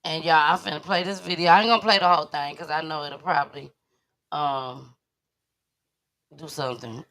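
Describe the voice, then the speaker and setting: A woman's voice: sits low, fairly even intonation, normal speed, fairly bright tone. A woman hosting a live online show, chatting casually and telling a story to her viewers. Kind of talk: casual livestream chat.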